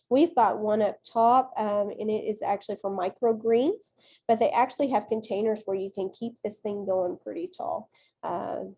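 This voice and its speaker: A woman teacher presenting at a conference, telling classroom stories in a chatty, folksy, expressive way. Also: fairly high pitch. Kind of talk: animated classroom storytelling.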